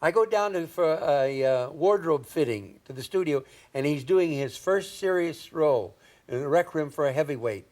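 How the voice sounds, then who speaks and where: A man's voice: on the high side, animated, normal speed, darkish tone. A man in his seventies from Indiana, a comedian telling folksy stories in an interview, chuckling and adding "see?" as he goes. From Indiana, USA. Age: 70s. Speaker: comedian guest. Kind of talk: anecdotal storytelling in an interview.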